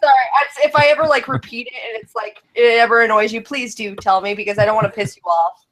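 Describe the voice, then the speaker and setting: A woman in casual chat who swears freely and speaks bluntly, then apologizes quickly. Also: a little high, fairly even intonation, a bit bright.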